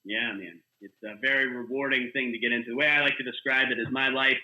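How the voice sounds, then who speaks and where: A man, a guest coach, telling animated stories with lots of fillers in a casual podcast chat. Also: mid-range voice, fast, poor audio. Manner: animated storyteller, filler-heavy. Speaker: guest, kids jiu-jitsu coach.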